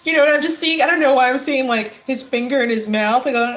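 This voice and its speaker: A woman reading tarot cards on a casual livestream, chatty and quick to laugh. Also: high-pitched. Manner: chatty, laughs often, animated storytelling. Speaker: tarot reader.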